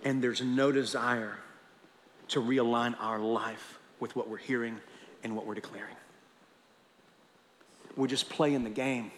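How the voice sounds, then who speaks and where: A man preaches a sermon as pastor, emphatic and often repeating words to press his point home. His voice is mid-range, the recording carries a little hiss or hum, and a large hall's long reverb surrounds him.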